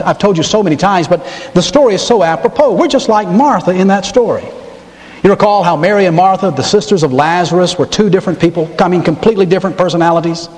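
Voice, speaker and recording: A man's voice: high voice, a little mellow, long reverb tail. A man preaching a sermon as pastor, emphatic and repeating key words for stress.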